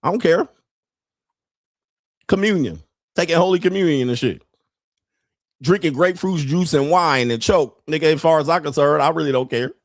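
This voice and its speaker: A man's voice: on the high side, moderate pace, pauses often, dry recording. Blunt profane man ranting, dry sound. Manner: blunt, heavy swearing, laughs often. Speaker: podcast host. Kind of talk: profane livestream rant.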